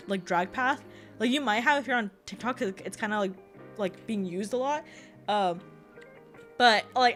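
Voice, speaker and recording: High-voiced young woman streamer, animated. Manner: animated, swearing, laughing, lots of fillers. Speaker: VTuber streamer. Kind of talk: casual livestream chat.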